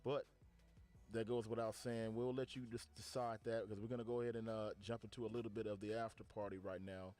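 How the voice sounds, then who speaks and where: A man hosting an online radio talk show, relaxed and chatty, often repeating words as he thinks. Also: lowish voice, brisk, faint music behind. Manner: laid-back, repeats words while thinking. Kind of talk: casual talk show chat.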